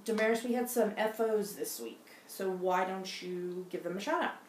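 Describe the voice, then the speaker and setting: A middle-aged mother co-hosts a casual knitting podcast with her daughter from their home in Scotland, rambling with many fillers and restarts. Her voice is mid-range at a moderate pace. The recording has a roomy echo and faint noise.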